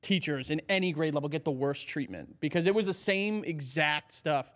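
A young adult man as a podcast guest, asking questions in a joking, halting way with fillers. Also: on the high side. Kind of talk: casual chat.

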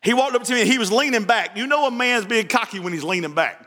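A man preaching a sermon, telling stories with lots of repetition and shouting some words for emphasis. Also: sits high, fast talker. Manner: animated storytelling, repeats phrases, shouts for emphasis. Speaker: pastor. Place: church sanctuary. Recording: long hall reverb from the sanctuary.

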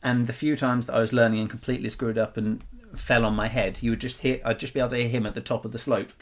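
Slow-drawling Norfolk man. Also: mid-range voice, flat delivery. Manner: slow drawl, enunciated but unclipped words. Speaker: podcast co-host. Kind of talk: casual chat.

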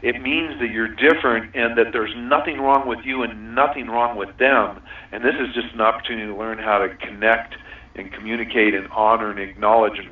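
A man with a medium-pitched voice speaks earnestly and reflectively over a tinny phone line, the mic sounding distant. As a guest in a casual interview, he shares a relationship compatibility system, laughing often and restarting his sentences a lot.

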